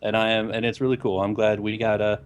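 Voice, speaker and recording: A man's voice: fairly low pitch, little pitch movement, quick pace, clean tone, muffled recording. A man co-hosting a podcast from his living room, chatting casually with many hesitations. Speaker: podcast co-host. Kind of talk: casual chat.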